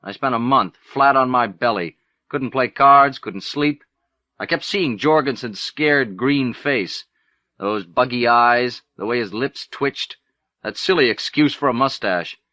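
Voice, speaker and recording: A man's voice: mid-range voice, unhurried, pushed and bright, no room sound. A man reading a short story aloud in the first person, with a wry, plainspoken storytelling manner, on an old cassette recording. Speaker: audiobook narrator. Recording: dull, lo-fi 1980s cassette recording.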